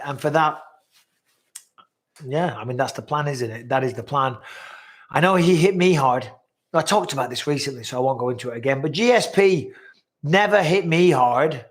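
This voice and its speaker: A man with a northwest English accent hosting a casual live chat, reading out viewers' comments in a joking, blunt way and swearing freely. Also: a little high. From northwest England.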